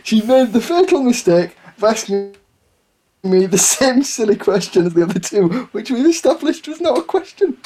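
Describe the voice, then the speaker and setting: A man's voice: sits high, big pitch swings, normal speed, faint music behind. A man reading a listener's story aloud on a comedy podcast, laughing at it as he goes. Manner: giggly, keeps breaking into laughter.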